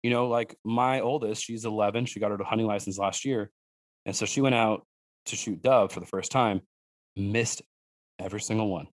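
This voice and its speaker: A man telling hunting-family stories in an animated, rambling way, with restarts and fillers. His voice sits low for a man. The sound is dry and close, with no room echo. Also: moderate pace. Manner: animated storyteller who acts out his daughters' lines in a higher voice. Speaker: guest, wild game cook and hunter. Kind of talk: casual podcast conversation.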